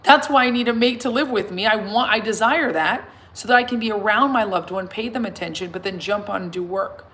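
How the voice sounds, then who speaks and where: A woman in her thirties chatting casually to her followers, emphatic and self-assured, swinging from soft to loud. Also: mid-range voice, fairly quick, few pauses. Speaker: singer and vlogger addressing her followers. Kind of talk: casual livestream chat reading comments.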